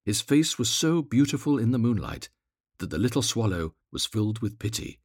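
A low, slightly husky man reads a fairy tale aloud. His voice moves through a wide, expressive range. The sound is close and dry. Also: moderate pace, dry recording. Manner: expressive, gently dramatic. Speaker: narrator. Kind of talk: storybook reading aloud.

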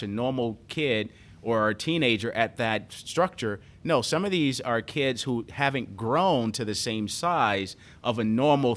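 A man who leads a children's charity, speaking as a guest and telling stories in an earnest, animated way. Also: mid-range voice. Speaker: nonprofit CEO and guest. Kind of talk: conversational storytelling.

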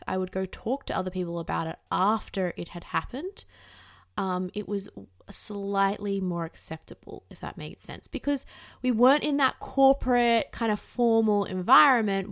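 A young woman hosts her own podcast in a loose, chatty monologue. She swears freely and scatters fillers through her talk, and her pitch sits in the middle. The recording is dry and close. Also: no echo. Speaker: podcast host. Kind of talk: casual monologue.

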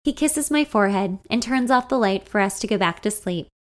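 A woman podcast host telling a first-person story in a self-deprecating way, swinging between hushed and loud lines. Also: medium pitch, animated, fairly quick.

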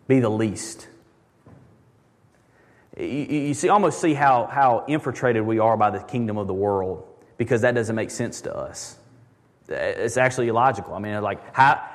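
A pastor preaching a sermon in a conversational, emphatic way, repeating words for stress. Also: male voice, medium pitch, in a large hall.

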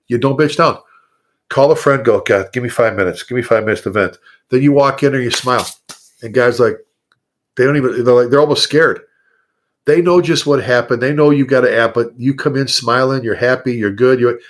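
A man who is a fire chief, giving leadership advice in a podcast interview. He talks in an animated, repetitive way and addresses listeners directly. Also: medium pitch.

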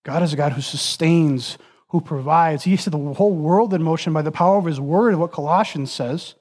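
Man, high voice, sermon, earnest, emphatic. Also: normal speed, a little mellow. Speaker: preacher.

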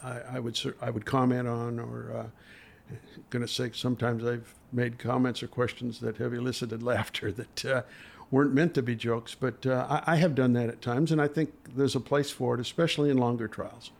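An older man with a gravelly, creaky edge to his voice, speaking as a guest in an interview. He tells courtroom stories in an earnest and emotional way, pausing often with small fillers. His pitch sits in the middle for a man. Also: flat delivery. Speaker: trial lawyer guest. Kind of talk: storytelling in a podcast interview.

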